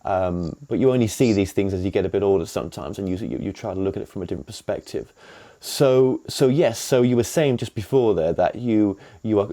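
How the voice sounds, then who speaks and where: A man's voice: on the low side, warm tone. A man hosting an interview, rambling a little with frequent restarts. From England. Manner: rambling, many restarts and fillers. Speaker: host. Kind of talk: interview host chat.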